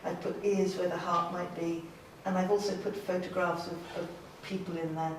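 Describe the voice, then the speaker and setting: A woman's voice: lowish voice, flat delivery, normal speed, recorded from a distance, background noise. A woman artist giving an informal, enthusiastic gallery talk to an audience, chatty and self-deprecating. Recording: very echoey room, voice from afar.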